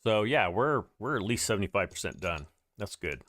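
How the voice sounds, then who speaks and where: A man's voice: lowish voice, big pitch swings, normal speed, fairly bright tone, dry recording. A man hosting a casual gameplay livestream, chatting to viewers and greeting them by name as he plays. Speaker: livestream host.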